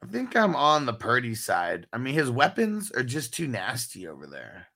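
Male host, casual and loose, with lively, bright delivery and plenty of laughs. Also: medium pitch, moderate pace. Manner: loose, laughing, profane banter. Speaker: fantasy football podcast host. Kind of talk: casual chat.

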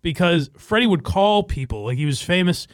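A man's voice: sits high, animated, normal speed, no room sound, studio quality. A man hosting a podcast in casual chat, rambling with fillers, swearing and laughing. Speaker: podcast host.

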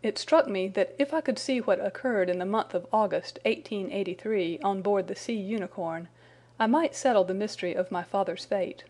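A woman's voice: mid-range voice, normal speed, a little mellow, natural voice. Woman reading a nervous young man spilling his story, earnest and explaining, plain storybook read. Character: anxious young man confessing under arrest.

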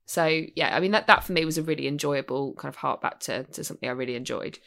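A woman's voice: extremely low pitch, fast talker, gravelly, fairly bright tone. A woman co-hosting a podcast in casual, chatty conversation, swearing now and then. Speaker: podcast co-host. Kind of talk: casual chat.

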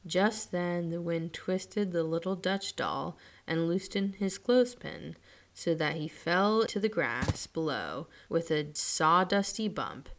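A woman storyteller reading a children's story aloud in a slow, soothing way, dropping her voice at line ends. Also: lowish voice, lively intonation, background noise.

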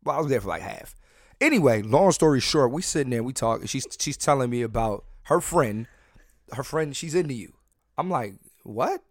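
A man's voice: mid-range voice, animated, normal speed, dry recording, clean studio sound. A man hosting a casual podcast, brash and profane, rambling and restarting his sentences as he tells stories. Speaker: podcast host.

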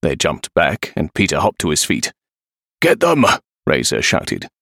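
Deep voiced guy reading a kids adventure book, gravelly, lots of rise and fall. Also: expressive, moderate pace, a bit bright, no room sound, clean studio sound. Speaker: audiobook narrator. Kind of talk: scripted narration.

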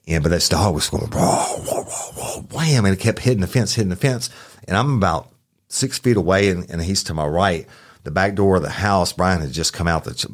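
A man with a very deep, low voice tells a police story in a loose, rambling way. He restarts his sentences and swears freely. The sound is dry and close to the mic. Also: no room sound. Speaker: podcast host recounting a police case. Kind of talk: casual storytelling.

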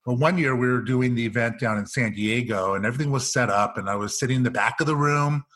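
A man's voice: medium pitch, fast, a bit bright. Middle-aged man telling a story. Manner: storyteller, acts out quoted dialogue. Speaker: executive coach, guest. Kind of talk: podcast interview, telling a story.

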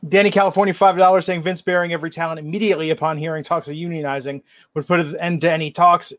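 A man's voice: fairly high pitch, fairly even intonation, very fast, a bit bright. A man co-hosting a casual podcast, chatty, reading viewer messages aloud. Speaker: podcast co-host reading super chats. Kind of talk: casual wrestling chat.

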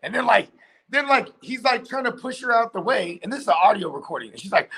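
A man's voice: high voice, lively intonation, a little fast, pushed and bright, breathy edge. A man hosting a casual chat, telling a long story loosely with lots of fillers and swearing. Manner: rambling storyteller, heavy filler and profanity.

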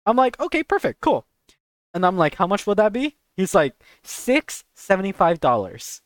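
A young woman co-hosting a podcast, telling a story in a casual, animated way, swearing and acting out voices. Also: mid-range voice, a little fast, no room sound, clean studio sound. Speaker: podcast co-host.

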